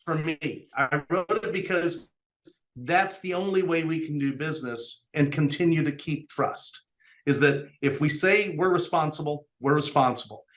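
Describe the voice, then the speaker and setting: A man's voice: fairly high pitch, moderate pace, fairly bright tone. A middle-aged businessman telling stories as an interview guest, earnestly quoting dialogue. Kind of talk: storytelling interview talk.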